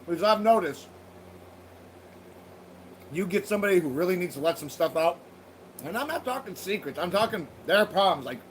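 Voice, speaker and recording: High-voiced, swearing livestream man. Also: expressive, normal speed, long pauses, a little hiss or hum, rough recording. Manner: loose, profane, laughing banter. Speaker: livestream host. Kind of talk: casual livestream chat with viewers.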